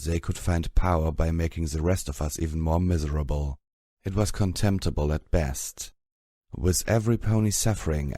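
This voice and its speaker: Male audiobook narrator, very low voice, dry sound, steady measured read. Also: dry recording. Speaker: audiobook reader. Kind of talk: scripted narration.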